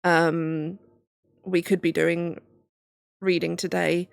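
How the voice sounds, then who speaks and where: Close to crying, a young livestreamer who is also a PhD student thinks aloud and laughs nervously in casual talk. Her voice is lowish, gravelly, flat and slow, recorded in studio quality with no room sound.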